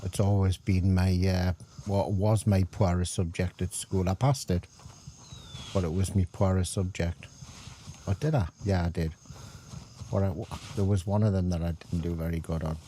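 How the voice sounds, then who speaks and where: A man's voice: low voice, steady tone, moderate pace, dark tone, slight background noise. A middle-aged man, chatting casually and rambling as he gives gameplay commentary. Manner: chatty, rambling, self-deprecating. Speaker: gaming channel host.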